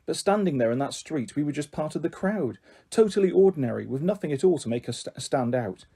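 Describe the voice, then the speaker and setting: A man reading a children's novel aloud in a gentle first-person narration. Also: on the high side, lively intonation, a little fast, husky. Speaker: storyteller.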